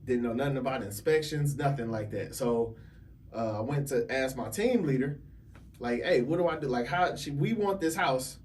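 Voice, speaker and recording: Animated storytelling man. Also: mid-range voice, normal speed, distant mic, a little hiss or hum. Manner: animated storyteller, laughs often, acts out others' lines. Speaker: podcast guest, realtor. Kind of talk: casual storytelling.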